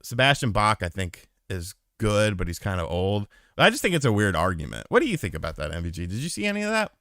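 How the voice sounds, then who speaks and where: Speaking quickly in a lowish voice, this man runs a podcast aftershow where he tells an animated, profane anecdote, chats casually, and responds to viewers from the live chat. The audio is studio quality with no echo.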